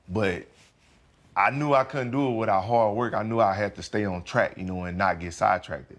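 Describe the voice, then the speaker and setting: A man's voice: lowish voice, expressive, a little fast, fairly bright tone. A young man, speaking candidly and casually as a football player guest in an interview, full of slang and "you know".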